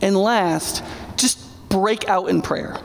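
High, gravelly-voiced male preacher. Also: slow, slight background noise. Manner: animated, emphatic preaching with acted-out asides. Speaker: pastor. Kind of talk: sermon. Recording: reverberant hall.

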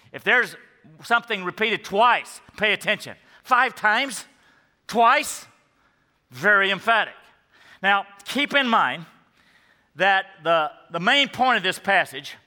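A male pastor delivers a sermon with a piercing, very bright tone that sits high for a man. He stresses his main points by saying them again and again. His voice rings out with the long reverb of a church hall. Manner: emphatic, repeats key points. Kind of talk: scripture reading and sermon. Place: church sanctuary.

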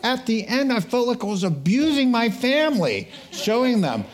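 A middle-aged man preaching a sermon, telling a personal story with animated, laughing delivery. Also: very high-pitched, moderate pace.

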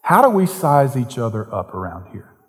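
A man from Western North Carolina with a softened Southern accent, preaching a sermon as pastor in a conversational way that builds to fervent emphasis. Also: medium pitch, sing-song, moderate pace, in a large hall, faint music behind.

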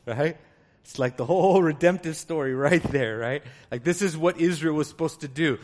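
Male preacher, fairly high voice, expository sermon delivery, emphatic with loud bursts. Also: measured pace. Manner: emphatic, rising to loud exclamations when reading scripture.

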